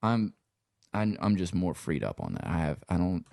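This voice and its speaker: A man's voice: deep voice, huge pitch swings, moderate pace, vocal fry, darkish tone, no echo, clean studio sound. A man from Louisiana with a Cajun accent, talking in a laid-back, rambling way and swearing freely in a casual conversation. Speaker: podcast guest.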